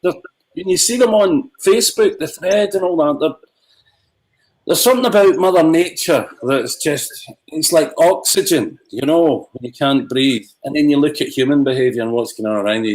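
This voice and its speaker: Brief: middle-aged filmmaker, fired-up rant, high, lively voice, video call. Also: male voice, moderate pace, rough recording. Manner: impassioned ranting, animated. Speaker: filmmaker guest. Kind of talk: livestream Q&A.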